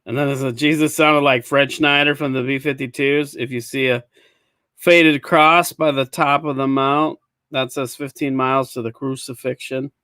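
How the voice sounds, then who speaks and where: A man's voice: medium pitch, level tone, moderate pace, pushed and bright, no room sound. A man hosting a live comedy podcast, easygoing, reading audience comments aloud and laughing often. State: clearing his throat. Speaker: podcast host. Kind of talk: casual live-show chat.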